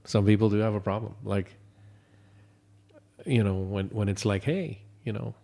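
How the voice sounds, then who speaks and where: Casting: man podcast co-host, easygoing and joking, a fairly low voice. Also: moderate pace. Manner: repetitive, joking, relaxed. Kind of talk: casual chat.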